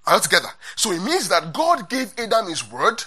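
A man's voice: sits high, wildly swooping pitch, a little fast, bright, forceful tone, slightly rough. A man preaching an interactive Bible sermon, asking his congregation questions and repeating key points.

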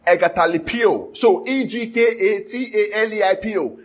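In a dull, lo-fi recording, a high-voiced preacher moves at a moderate pace, teaching his sermon word by word. He keeps asking if the audience is following along, and he jokes and laughs as he goes.

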